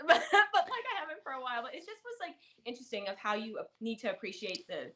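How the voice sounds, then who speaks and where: A woman's voice: fairly high pitch, quick pace, a little hiss or hum. A young woman from Canada telling stories in a podcast interview, giggling often and filling her talk with "like". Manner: giggly, lots of fillers, animated quoting. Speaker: podcast guest, former rodeo queen. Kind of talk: casual storytelling.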